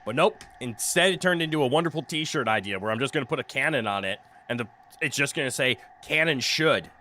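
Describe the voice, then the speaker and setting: A man chatting while he streams a game, his voice bright and sharp-edged and bouncing all over his range. He cracks jokes, swears freely and laughs often. He speaks into a desk mic with a noise canceller. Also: mid-range voice, expressive, fairly quick. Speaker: streamer playing a video game. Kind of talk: casual live-stream commentary.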